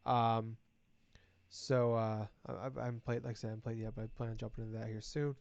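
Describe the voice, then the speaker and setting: A man co-hosting a podcast, chatting casually and breaking into profane, animated rants. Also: fairly low pitch, quick pace, vocal fry, no room sound. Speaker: podcast co-host. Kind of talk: casual chat. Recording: dull lo-fi recording.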